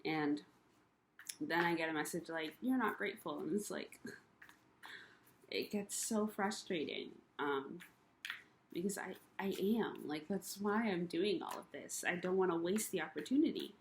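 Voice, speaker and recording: A young woman with a low, dark-toned voice talks through her frustrations in a personal vlog. She rambles and circles back, leaning on ums and you-knows, and sounds emotional and worn down. A faint hiss of noise sits under her voice. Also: unhurried. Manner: rambling, confessional, many fillers. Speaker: vlogger. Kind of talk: personal rant to camera.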